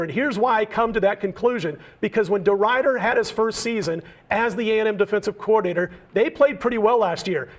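A man in his forties from Nebraska, giving punchy, opinionated analysis as a regular on a sports betting talk show. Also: high-pitched. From Nebraska, USA.

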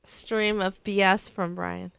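A woman co-hosting a podcast, laughing and gently scolding in casual banter. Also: medium pitch, little pitch movement, slow, vocal fry, clean tone, dry recording, clean studio sound. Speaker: podcast co-host.

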